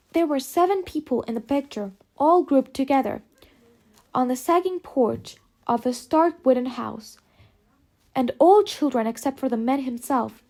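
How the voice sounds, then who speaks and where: A woman reading an audiobook aloud, narrating in measured, phrase-by-phrase delivery. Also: high voice, a little mellow. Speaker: audiobook reader. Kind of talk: scripted narration.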